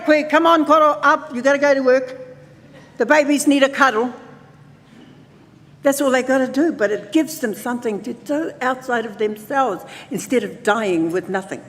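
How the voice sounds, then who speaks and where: High-voiced older man telling stories. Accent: New Zealand. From New Zealand. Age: 70s. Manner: lively storyteller mixing in Māori words. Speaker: conference speaker. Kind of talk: storytelling talk at a conference. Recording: long hall reverb.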